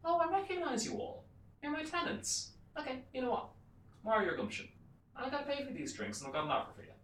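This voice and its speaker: A woman doing a gleeful rich landlord in a folk tale, bossy and jovial, his voice jumping way up high, heard from a distance in an echoey room. A storyteller plays him for laughs. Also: huge pitch swings, quick pace, slight background noise. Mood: amused. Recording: roomy echo, distant mic.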